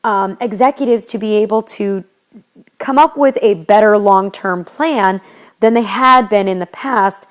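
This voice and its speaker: A woman's voice: mid-range voice, measured pace. A young adult woman teaching a history lesson, talking casually and explaining step by step with frequent fillers and restarts. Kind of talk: recorded history lecture.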